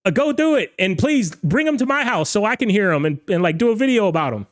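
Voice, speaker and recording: Male DJ show host, high-pitched, slightly hoarse, emphatic casual ranter. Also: very animated, quick pace. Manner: emphatic, ranting, repeats "okay?" and "all right?". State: slightly hoarse from talking all night. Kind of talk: casual livestream rant.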